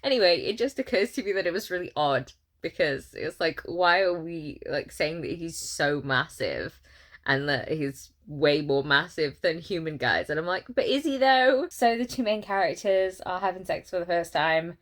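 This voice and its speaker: A woman's voice: low voice, normal speed, a bit bright. A tired young woman in a casual book vlog, giving exasperated, sarcastic commentary. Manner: exasperated, sarcastic commentary with mocking quoted voices. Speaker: book vlogger.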